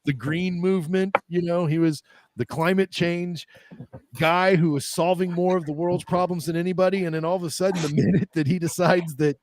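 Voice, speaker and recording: A man with a Midwestern American accent, a travel agent co-hosting a roundtable and chatting in a joking, animated way. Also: sits high, moderate pace. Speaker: podcast co-host, travel agent. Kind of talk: casual roundtable chat.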